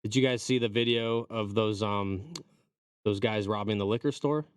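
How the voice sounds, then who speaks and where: A man's voice: lowish voice, moderate pace, clean tone, dry recording, recorded from a distance. A man guesting on a podcast, trading dad jokes in casual chat. He sits a little back from the mic, and the sound is dry. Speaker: guest, songwriter.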